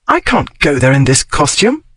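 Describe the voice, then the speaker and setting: A man narrating an audiobook, voicing a sharp-tongued young Regency woman journalist with crisp, defiant retorts. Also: on the high side, wildly swooping pitch, moderate pace, full character voice. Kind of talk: audiobook character voice.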